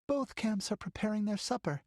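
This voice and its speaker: A man voicing a frightened young girl in an audiobook, with a high, shrill, whimpering voice. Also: animated, brisk, no echo, studio quality. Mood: hushed watchful.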